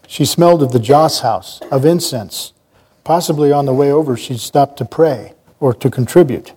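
A man's voice: mid-range voice, moderate pace, dark tone, breathy edge. A man reading a novel aloud, now and then breaking off for casual, self-correcting asides. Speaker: reader.

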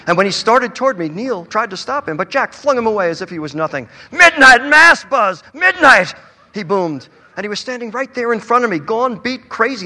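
A man reading his own story aloud at a live event, with a wry, expressive storytelling manner. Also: sits high. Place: event hall. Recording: long hall reverb.

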